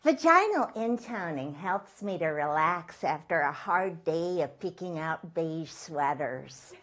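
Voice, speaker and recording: A comedian voicing a self-absorbed female celebrity wellness guru who was once an actress, speaking in airy, deadpan one-liners. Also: deep voice, takes it slowly, heavily acted. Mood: smug. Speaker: talk show guest. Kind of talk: stand-up character comedy.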